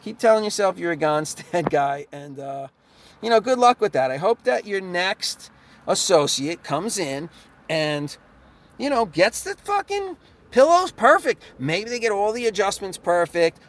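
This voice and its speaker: A man's voice: high voice, lively intonation, unhurried. A young man, a chiropractor, in a profane and sarcastic vlog rant, laughing between his lines. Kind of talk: ranting vlog monologue.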